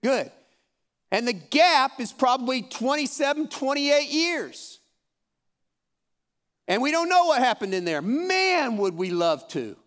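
Brief: man in his fifties, fairly high voice, folksy, encouraging Bible teacher for a room audience. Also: sing-song, measured pace, pauses often, fairly bright tone. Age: 50s. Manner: encouraging, folksy, repeats himself. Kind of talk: conversational Bible study teaching. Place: room with a live audience, also streamed.

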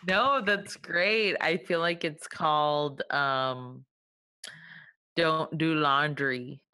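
A woman's voice: sits low, extremely slow, bright, forceful tone, clean tone. A woman co-hosting a casual chat, giggly and riffing on silly story ideas. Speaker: podcast co-host.

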